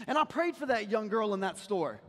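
A man preaching a sermon as a pastor, talking to the congregation in a conversational way and dropping to a quiet storytelling voice for anecdotes. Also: sits high, very animated, brisk, big-room sound. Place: church sanctuary.

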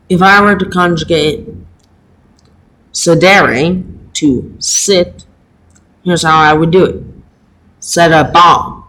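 A man teaching a Latin lesson, speaking haltingly with many pauses and fillers. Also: on the high side, bright, forceful tone, rough recording. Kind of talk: slow home-made lesson.

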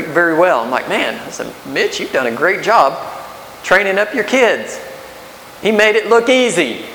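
A man's voice: fairly high pitch, bright, forceful tone. A man in his thirties preaching a sermon as pastor, conversational, with rhetorical questions and restarts. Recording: echoey hall with faint hiss.

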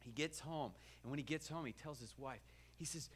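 A man preaching a sermon, telling a parable with animated storytelling and leading a prayer. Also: on the high side, brisk, slightly rough. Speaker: pastor.

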